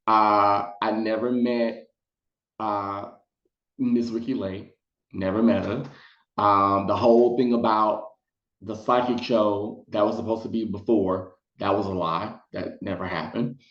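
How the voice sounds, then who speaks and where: Man, lowish voice, chatty storytime vlog, animated, echoey lo-fi room. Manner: chatty, animated, quick high-pitched voices for quoted people. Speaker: storytelling vlogger. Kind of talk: casual storytime monologue.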